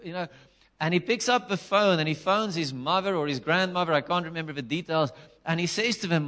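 Passionate preacher, fairly high voice. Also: male voice, a little fast. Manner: passionate, emphatic storytelling with sudden loud declarations. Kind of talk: sermon.

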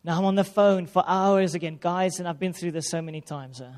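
A man, a pastor, telling a lively, self-mocking personal story in a sermon. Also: high voice, a little fast. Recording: long reverb of a hall.

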